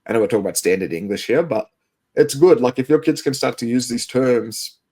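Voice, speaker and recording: A man's voice: mid-range voice, animated, brisk, a little mellow, slightly rough. A man with a Western Sydney Australian accent, an English teacher co-hosting a podcast, talking casually and rambling with many fillers and restarts. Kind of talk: casual educational podcast chat.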